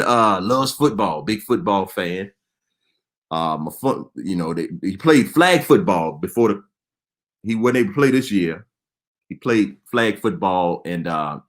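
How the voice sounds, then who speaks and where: A man's voice: fairly low pitch, a bit bright. A man doing stand-up comedy, telling stories in an exasperated, punchy way with lots of repeated phrases.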